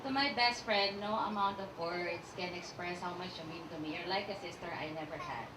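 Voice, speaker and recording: A woman's voice: lowish voice, brisk, background noise. Giggly woman reading a maid-of-honor toast. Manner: giggly, emotional, reading from notes. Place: restaurant reception. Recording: echoey room, mic at a distance.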